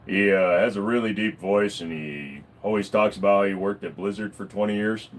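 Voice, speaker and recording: On a livestream, a man with a lowish voice chats casually at a moderate pace. He's animated, rambling with fillers and swearing freely.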